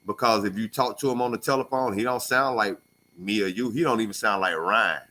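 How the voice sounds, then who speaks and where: A man co-hosting a radio talk show, telling stories in a casual, animated way. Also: fairly low pitch, fairly quick. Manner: animated storyteller, acts out voices. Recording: call-in radio show studio.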